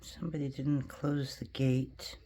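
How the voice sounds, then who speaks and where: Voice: mid-range voice, little pitch movement, a little slow, mellow. A polymer clay crafter in a home studio, casually thinking aloud and chatting to viewers while working.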